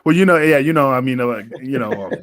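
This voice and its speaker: A man of medium pitch talks quickly in profane, joking banter over a tablet video call. His replies come in short bursts. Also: fairly bright tone. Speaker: podcast co-host. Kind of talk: casual chat.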